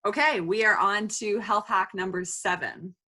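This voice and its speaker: A woman's voice: medium pitch, fairly even intonation, moderate pace, sharp tone. A woman hosting a podcast interview, encouraging and upbeat as she moves between her guest's tips. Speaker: podcast host.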